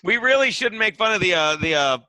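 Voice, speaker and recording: A man's voice: high voice, expressive, brisk, sharp tone, dry recording. A man guest on a casual podcast, telling stories with sarcastic, dry jokes.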